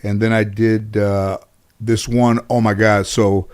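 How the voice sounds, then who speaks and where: This interview guest speaks slowly in a smooth, fairly low voice. Chatting casually, he wanders through lengthy stories full of fillers and false starts, livening up whenever he imitates someone he's quoting.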